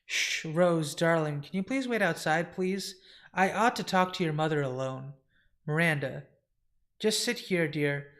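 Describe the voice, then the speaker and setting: A man voicing a frail elderly woman who speaks softly and fondly. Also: fairly high pitch, measured pace. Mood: tender. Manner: soft, fond, apologetic.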